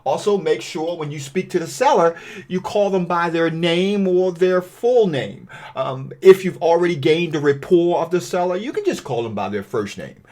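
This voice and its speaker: A man's voice: a little high, lively intonation, moderate pace, darkish tone. A man giving a real estate training video, talking in a conversational way and reading cold-call phone scripts aloud to show tone.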